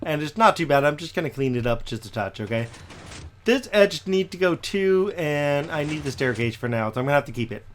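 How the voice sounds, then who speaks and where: A man, slightly hoarse and recovering from a cough, chatting casually through his gameplay in a rambling way with lots of "okay?" tag questions. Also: on the high side, lively intonation, brisk, a little hiss or hum. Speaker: Minecraft let's player.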